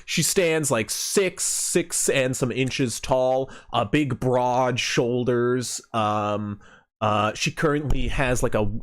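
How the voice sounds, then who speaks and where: A man narrating a tabletop game as game master, in a loose style full of fillers. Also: medium pitch.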